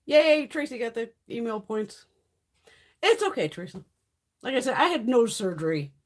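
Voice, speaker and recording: Middle-aged woman livestream host, husky, animated, foul-mouthed storyteller. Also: a little high, moderate pace. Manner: profane, blunt storytelling, reads chat comments. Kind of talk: casual live-stream chat.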